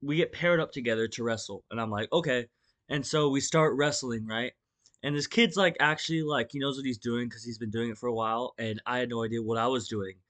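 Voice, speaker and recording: A young vlogger tells a storytime video casually and ramblingly, full of fillers, restarts and swearing, acting it out with gestures. His voice is mid-range, brisk and fairly bright.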